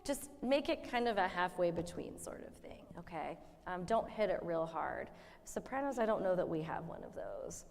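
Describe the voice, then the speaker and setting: A woman's voice: fairly low pitch, lively intonation, moderate pace, darkish tone. A woman choir director counting in and giving friendly directions to her singers during rehearsal. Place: rehearsal hall. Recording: long hall reverb.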